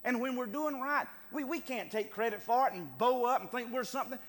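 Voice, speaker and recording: A man preaching a sermon as pastor, emphatic and calling for amens, moving between loud urging and hushed, quiet lines. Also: extremely high pitch, brisk, big-room sound.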